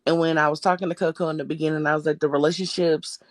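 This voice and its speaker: A woman's voice: low-pitched, level tone, very fast, no room sound. A woman, a guest in a casual live-stream chat, speaking emphatically and repeating phrases for effect. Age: 30s. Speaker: guest co-host.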